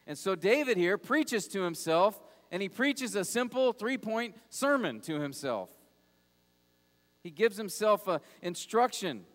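A man preaching a sermon as pastor, moving between loud urgent passages and quiet, low, emphatic ones. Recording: long hall reverb.

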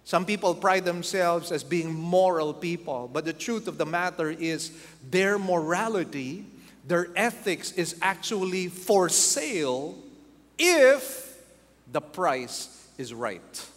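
A man's voice: high voice, a little slow. A man preaching a sermon as pastor, acting out quoted voices and repeating key phrases for emphasis. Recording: long hall reverb.

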